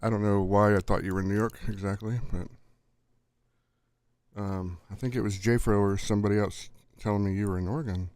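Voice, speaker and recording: A man's voice: lowish voice, fairly even intonation, a little fast, a little mellow, no echo. A middle-aged man hosting a live stream in a casual, chatty way, greeting viewers by name and laughing often.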